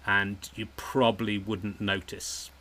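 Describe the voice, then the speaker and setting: A man's voice: fairly low pitch, little pitch movement, slow pace, bright, forceful tone. An English man hosting a comedy podcast, rambling and self-mocking and laughing often as he chats with a guest. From England. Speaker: podcast host. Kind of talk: casual comedic interview chat.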